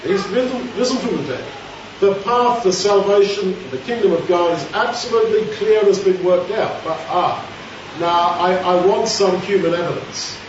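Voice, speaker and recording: A man's voice: high voice, moderate pace, noisy background. A man preaching a sermon in a conversational way, asking rhetorical questions and acting out quoted voices. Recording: very echoey hall, distant mic, dull sound.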